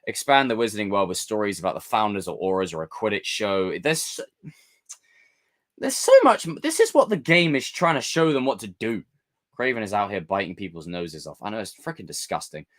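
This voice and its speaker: A man hosts a casual live stream, reacting to chat with jokes and mock outrage. His pitch rises and falls widely as he talks. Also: a little fast. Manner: animated, jokey, talks to chat.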